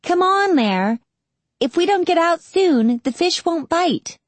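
A woman's voice: a little high, big pitch swings, brisk, a little mellow, husky, dry recording, pitched above the performer's own voice. A woman voicing an eager, impatient young girl in an audiobook.

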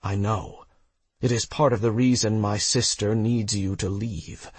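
Gasping wounded elf woman, as a male narrator puts her on, slow and husky. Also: lowish voice, steady tone, no room sound. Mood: grieving. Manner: gasping, whispered. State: wounded, weak. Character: wounded, bleeding elven woman, fading.

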